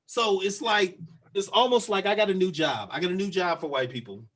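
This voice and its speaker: Husky profane man telling a story. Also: high-pitched, fairly quick. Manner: profane, animated storyteller acting out dialogue. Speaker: podcast co-host. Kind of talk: casual storytelling chat.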